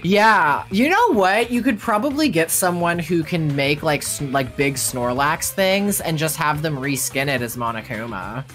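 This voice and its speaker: Low-voiced woman, jokey banter. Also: lively intonation, measured pace, few pauses, fairly bright tone. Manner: jokey, laughs often. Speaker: fan voice actor and player. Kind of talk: casual chat while voice-acting a game.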